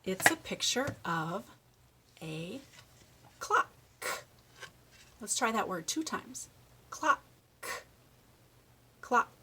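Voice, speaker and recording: A woman giving a children's speech lesson, reading a picture book aloud and slowly modeling words for a young child to repeat. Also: medium pitch, very animated, pushed and bright, breathy edge. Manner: slow, encouraging, exaggerates word sounds for a child. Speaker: speech therapist.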